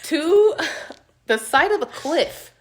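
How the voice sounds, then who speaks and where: Woman, 30s, podcast co-host, lively storyteller with a wide-ranging voice. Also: extremely high pitch, slow pace. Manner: animated storyteller, laughs often. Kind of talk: casual chat.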